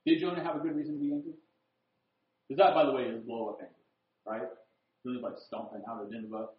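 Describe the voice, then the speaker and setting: Male pastor, high and lively voice, preaching in an echoey room. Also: a little fast. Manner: animated preaching, swings from loud to hushed. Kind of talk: sermon. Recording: echoey room, dull lo-fi sound.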